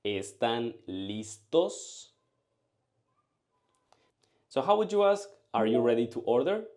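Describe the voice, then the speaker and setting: A man teaching a language lesson, drilling short phrases and answers in a slow, carefully enunciated way. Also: medium pitch, very animated, a little mellow.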